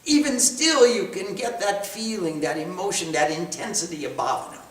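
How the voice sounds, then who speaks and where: Man, spiritual teacher, storytelling lecture, high bright voice, far from mic. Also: normal speed. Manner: storytelling, emphatic, repetitive. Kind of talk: spiritual class lecture with questions. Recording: echoey room, far from mic.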